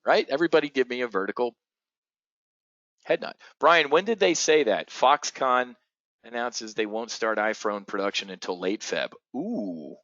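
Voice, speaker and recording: A man hosting a live trading webinar, talking excitedly to his audience, swearing and calling them folks. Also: medium pitch, moderate pace, dry recording, lo-fi sound.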